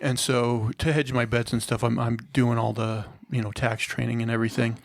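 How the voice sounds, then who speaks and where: Laid back podcast guy, gravelly voice, rambles thru his stories. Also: medium pitch, flat delivery, fairly quick, no room sound. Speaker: podcast co-host. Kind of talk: casual comedic chat.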